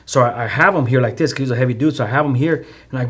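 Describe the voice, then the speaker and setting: A man's voice: medium pitch, rapid-fire, fairly bright tone, breathy edge. Chicano man telling a hard story. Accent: Chicano English. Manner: storytelling with acted quotes, many fillers and restarts. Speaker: podcast guest. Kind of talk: emotional personal testimony.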